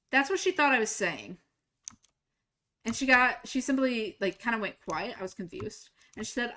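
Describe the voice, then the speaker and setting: Streaming a game, a young woman tells a personal story casually and with animation, at a measured pace. She jumps higher in pitch to act out quoted lines as she chats.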